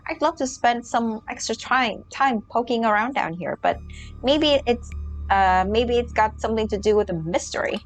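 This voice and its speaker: Brief: chatty woman streamer, higher voice, casual game commentary over soft music. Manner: chatty, quick asides, muddled restarts. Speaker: let's play streamer.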